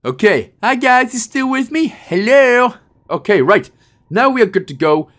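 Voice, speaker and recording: A man's voice: extremely high pitch, sing-song, unhurried, fairly bright tone. A man hosting a game walkthrough, talking playfully and joking with made-up wordplay. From Wales. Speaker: gaming guide host.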